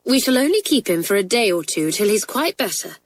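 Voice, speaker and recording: A woman reading a storybook and voicing an eager, soft-hearted schoolgirl who is close to tears. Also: mid-range voice, very animated, a little fast.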